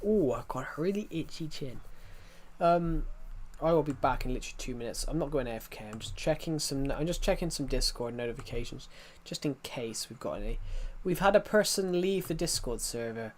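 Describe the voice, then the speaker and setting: A man hosts a relaxed live stream, rambling on as he plays. He talks to himself and his viewers in a chatty, unhurried way, his voice sitting at an ordinary middle pitch. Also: slight background noise. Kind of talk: casual live-stream chat while gaming.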